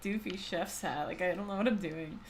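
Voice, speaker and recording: A woman co-hosting a drawing stream, chatting casually and excitably with lots of "like.". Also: lowish voice, brisk, crowd noise. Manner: chatty, filler-heavy, excitable. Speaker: co-host and artist. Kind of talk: casual chat while drawing.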